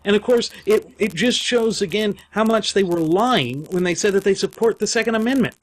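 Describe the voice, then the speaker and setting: A man's voice: sits high, animated, a little fast, low-quality recording. A man co-hosting a political talk show, speaking emphatically and indignantly with rhetorical questions. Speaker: podcast co-host. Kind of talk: political commentary.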